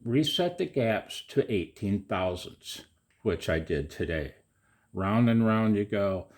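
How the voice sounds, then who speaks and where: A middle-aged video maker addresses his viewers in a loose, rambling monologue, chatty and profane, often poking fun at himself. His fairly low, darkish voice has lively intonation and a slow pace.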